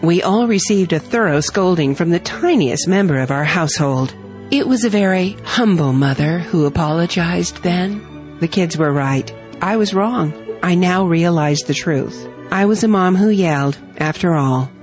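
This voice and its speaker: A woman reading her own heartfelt family story aloud in a gentle storytelling manner. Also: fairly low pitch, lively intonation, normal speed, faint music behind. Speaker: story reader.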